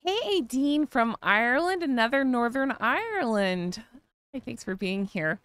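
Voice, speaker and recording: A woman's voice: on the high side, sing-song, measured pace, fairly bright tone, clean tone, no room sound. A woman hosting a casual live stream, reading out viewer comments and thanking them by name in a chatty way. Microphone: desk microphone.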